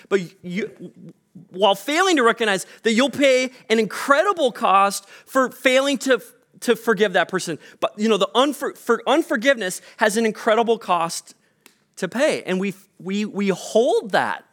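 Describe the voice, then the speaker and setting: A man's voice: high-pitched, expressive, moderate pace, a bit bright. A man, the pastor, preaching a sermon in a casual, conversational way with frequent fillers, recorded in a church.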